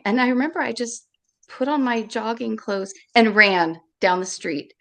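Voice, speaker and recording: A woman being interviewed, telling a painful personal story in an emotional, halting way and repeating her words. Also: a little high, gravelly, fairly bright tone. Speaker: interview guest.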